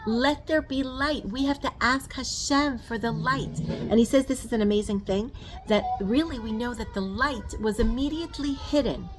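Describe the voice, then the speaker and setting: A woman giving a spoken Torah lesson, earnest and emphatic, mixing in Hebrew terms and slowing down to stress key words. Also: medium pitch. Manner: rises and slows on emphasis, frequent fillers. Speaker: Torah teacher.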